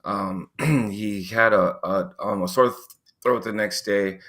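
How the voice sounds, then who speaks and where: Man, middle-aged, podcast guest, low pitch, halting with throat clearing. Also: fairly bright tone. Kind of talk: casual interview.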